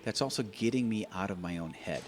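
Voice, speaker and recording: A man in his fifties, a podcast guest, telling stories in an animated way, often repeating and restarting words. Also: fairly low pitch, a little fast, slight background noise. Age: 50s. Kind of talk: conversational storytelling. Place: open-air bike and coffee shop in a garage.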